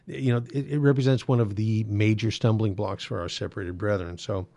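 A man's voice: fairly low pitch, fairly even intonation, a little fast, gravelly, dark tone. A man hosting a Catholic apologetics talk, explaining doctrine in a conversational way with many fillers and restarts. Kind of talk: casual explanatory monologue.

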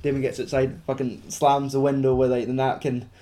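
A man's voice: mid-range voice, completely flat delivery, brisk, mellow. A man co-hosting a casual film chat, rambling and sweary with lots of fillers. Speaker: podcast co-host.

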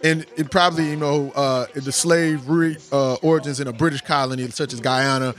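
A man's voice: mid-range voice, steady tone, brisk, a bit bright. A man from Texas with a Southern drawl, talking in an emphatic, rambling, slangy way in a casual discussion. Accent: Texan Southern drawl. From Austin, Texas.

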